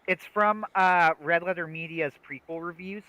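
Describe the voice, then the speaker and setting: A man's voice: a little high, fairly even intonation, normal speed, bright, forceful tone, no echo, poor audio. A man co-hosting a livestream, chatting casually and making emphatic, opinionated points. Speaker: livestream co-host. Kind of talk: casual chat.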